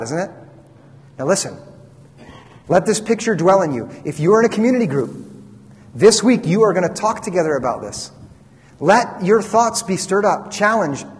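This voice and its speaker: Young male pastor, emphatic and repetitive sermon delivery, reverberant sanctuary. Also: high-pitched. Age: young adult. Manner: earnest, emphatic preaching with repetitions. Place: church sanctuary. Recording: church hall reverb.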